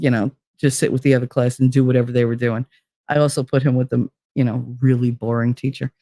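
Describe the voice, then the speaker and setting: A middle-aged woman, a former kindergarten teacher, telling a story in casual talk and acting out the people she quotes with big jumps in pitch. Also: a little mellow, dry recording, clean studio sound.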